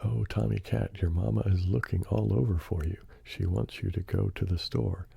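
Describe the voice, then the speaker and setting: A man's voice: sits low, fairly even intonation, moderate pace, vocal fry, mellow, slightly rough, no room sound, heavily acted. A man voicing a young sparrow boy bringing a message, in a storybook reading. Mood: hurried.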